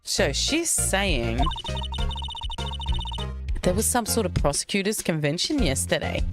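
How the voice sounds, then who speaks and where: A woman's voice: on the low side, very animated, unhurried, pauses often. A woman streaming a game and chatting casually as she reads along. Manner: chatty, musing aloud. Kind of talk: casual let's-play commentary. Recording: music playing behind.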